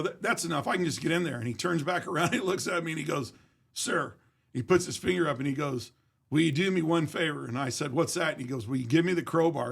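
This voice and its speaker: A man's voice: fairly high pitch, gravelly, a bit bright, husky. A man telling a story in casual conversation, blunt and profane, acting out every exchange. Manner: blunt, profane, emphatic retelling. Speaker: guest.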